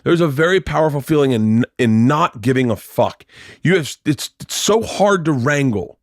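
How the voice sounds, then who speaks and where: A middle-aged man telling stories in a casual podcast chat, animated and swearing freely, acting out the voices of people in his anecdotes. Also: medium pitch, normal speed, no room sound, studio quality. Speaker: podcast guest, comedian.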